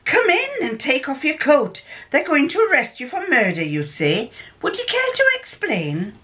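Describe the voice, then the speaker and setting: A woman voicing a calm male detective, reading a story aloud in a measured, questioning way. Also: sits high, pitched above the performer's own voice, exaggerated voice.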